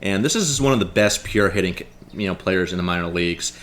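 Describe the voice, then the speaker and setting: Brief: male guest analyst, lowish voice, casual, stat-heavy, full of "like" and "you know". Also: fairly quick, fairly bright tone. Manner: rattles off stats, many "like" and "you know" fillers. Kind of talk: casual sports chat.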